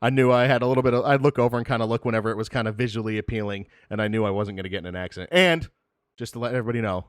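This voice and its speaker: A man's voice: lowish voice, racing, no room sound, studio quality. A young man co-hosting a podcast, telling rambling, self-deprecating road stories in casual chat. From Michigan. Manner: rambling storyteller, self-deprecating, laughs often. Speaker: podcast co-host.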